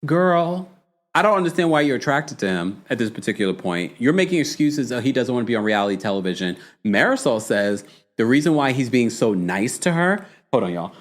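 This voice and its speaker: A man hosting a casual reality-TV recap livestream, talking in an animated, sassy, gossipy way. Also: medium pitch, quick pace. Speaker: host.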